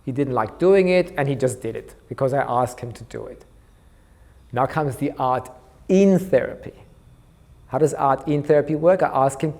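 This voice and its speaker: A man lecturing on art therapy, recounting a clinical case and acting out the dialogue between therapist and child, growing soft for the tender moments. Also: medium pitch, expressive, normal speed, vocal fry, long pauses. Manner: storytelling, softens his voice for tender moments.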